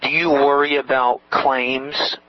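A man's voice: mid-range voice, flat delivery, slow pace. A man interviewing a guest, polite and matter-of-fact, asking plain questions. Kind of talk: interview questions and playing along. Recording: dull lo-fi audio with faint hiss.

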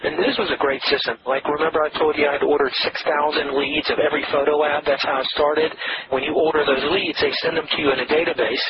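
A man from San Diego working as a sales coach, talking in a brisk, direct and persuasive way as he places phone calls and explains his selling method. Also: fairly high pitch, fairly even intonation, highs cut off, over a noisy crowd. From San Diego, USA.

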